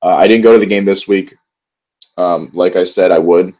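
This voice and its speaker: A man's voice: deep voice, fairly even intonation, moderate pace, mellow, lo-fi sound. A young man in a solo football recap vlog, frustrated and profane, rambling with many fillers and restarts. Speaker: sports vlogger. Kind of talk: angry solo football rant.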